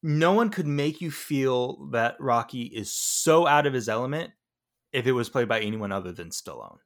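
In casual movie review chat, this podcast co-host rambles enthusiastically and keeps restarting his sentences. His mid-range voice is expressive and moves at a normal speed.

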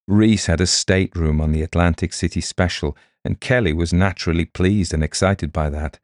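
A man narrating a mystery novel in a steady, measured reading. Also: deep voice, no echo, clean studio sound. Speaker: audiobook narrator. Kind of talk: scripted narration.

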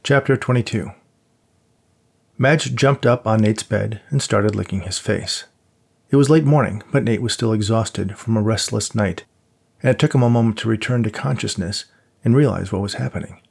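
A man narrating a novel aloud in a steady, measured reading, with small shifts in his voice for the characters. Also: lowish voice, creaky, husky. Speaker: audiobook narrator. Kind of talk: scripted narration.

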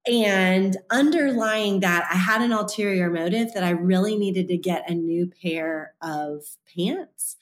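A woman's voice: medium pitch, unhurried, hardly any pauses. A woman in her thirties, an author and guest, telling a story in an interview and acting out the quoted voices. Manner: animated, acts out quoted voices. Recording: roomy echo.

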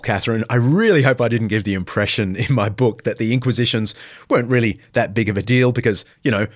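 Male podcast host, lively swinging pitch, close dry mic, chatty answers to listener questions. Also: dry recording. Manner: animated, conversational.

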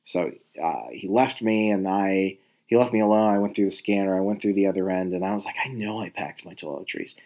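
Guy with a lowish voice ranting about travel stuff, swears a lot, restarts a ton. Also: fairly even intonation, fairly quick, hardly any pauses, a little mellow. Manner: rambling, profane, exasperated, many restarts. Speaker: talker recounting travel stories. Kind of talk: casual storytelling monologue.

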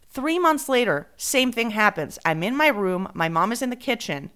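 A woman's voice: a little high, animated, moderate pace, hardly any pauses, a bit bright, clear, resonant tone. A woman co-hosting a podcast in casual chat, rambling and dropping in Spanish fillers. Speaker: podcast co-host.

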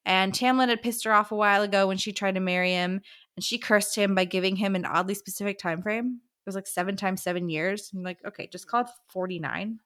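Female podcast co-host, casual book-club recap, mid-pitched, chatty. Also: steady tone, fairly bright tone, clean tone. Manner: chatty recap, slipping into quick voices for characters.

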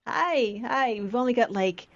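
A woman's voice: on the high side, animated, a little slow. A woman hosting a call-in show, friendly and affirming, chatting casually with callers and guest. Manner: friendly, affirming, laughs easily. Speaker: radio show host. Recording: slightly dull lo-fi sound.

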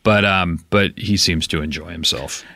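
A man with a lowish voice that still has a bright, crisp edge, recorded close and dry. He talks in halting starts with lots of fillers, playing the deadpan half of a podcast double act. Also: no echo. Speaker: podcast co-host. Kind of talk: casual comedic banter.

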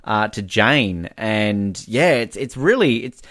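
A man's voice: on the low side, slow. A man co-hosting a podcast, chatting casually and animatedly with lots of "like" fillers. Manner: animated, many "like" fillers, giggles often. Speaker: podcast co-host. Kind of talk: casual recap chat.

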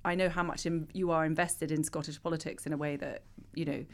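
Low-voiced English woman co-hosting. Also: level tone, fairly quick. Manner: self-deprecating, chatty. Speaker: podcast co-host. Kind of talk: casual conversation.

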